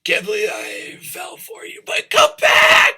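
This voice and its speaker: A man putting on a falsetto to play a frantic young woman shouting melodramatically for her lost lover. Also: huge pitch swings, a little slow, very noisy, exaggerated voice.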